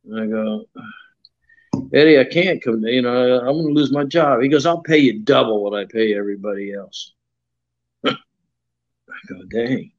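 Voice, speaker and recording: A man's voice: medium pitch, normal speed, long pauses, dull audio. Folksy older man telling stories. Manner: folksy, acts out quoted voices, many fillers. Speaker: retired pro wrestler, interview guest. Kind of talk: shoot interview storytelling.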